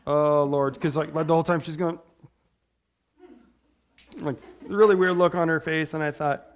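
A man's voice: fairly high pitch, steady tone, normal speed. A man preaching an informal sermon in a chatty, rambling way, often checking in with "right?". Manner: chatty, tags lines with "right?"; rambling with restarts.

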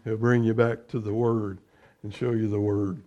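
Middle-aged male pastor, mellow voice, sermon that swings between loud scripture and soft asides. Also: lowish voice, level tone, normal speed, lo-fi sound. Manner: preaching with loud rises on scripture, dropping to quiet conversational asides.

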